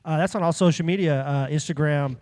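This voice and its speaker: A man's voice: fairly high pitch, brisk, a little mellow. A man co-hosting a podcast live, chiming in and echoing his partner. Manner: chimes in, echoing lines. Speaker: podcast co-host. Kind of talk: casual chat.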